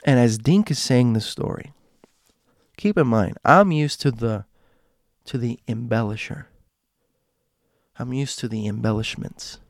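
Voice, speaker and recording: A man recounting a story in a gravelly, easygoing voice at a middle pitch. He leans into dramatic pauses and hushed stretches for suspense, recorded close and dry. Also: dry recording. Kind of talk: casual spoken storytelling.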